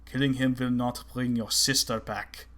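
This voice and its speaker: Aristocratic stern colonel, clipped, measured, voiced by a man. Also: mid-range voice, steady tone, a bit bright, close to an everyday voice.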